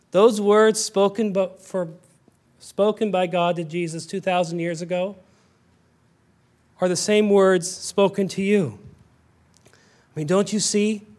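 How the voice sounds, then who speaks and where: A male pastor preaching a sermon, moving from hushed storytelling to raised, emphatic exclamations. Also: high voice, measured pace, pauses often.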